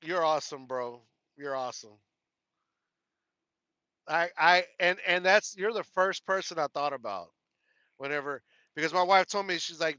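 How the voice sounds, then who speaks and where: Man with a Texas twang, a trucker hosting a live stream, talking to his viewers in a bright, fairly high voice, laughing and repeating thanks, on a dry, lo-fi phone mic. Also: moderate pace, pauses often, clean tone, no echo. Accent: Texas country twang. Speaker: trucker livestream host. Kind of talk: casual live-stream chat reading viewer comments. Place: inside a truck cab.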